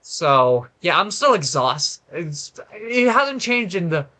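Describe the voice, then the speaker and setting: A man's voice: high voice, sing-song, slow pace, sharp tone. Tired man rambling over a game. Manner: rambling, swears, self-correcting. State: exhausted, voice worn out. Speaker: let's play commentator. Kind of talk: casual gameplay commentary.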